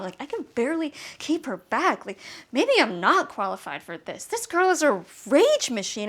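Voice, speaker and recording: A young woman performs a solo comedy story with a fairly high voice. She is animated and shifts her pitch a lot. Her voice climbs to sharp shrieks when she acts out panicked moments. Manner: animated, jumps to high shrieks in acted-out scenes. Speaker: stand-up comedian. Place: apartment.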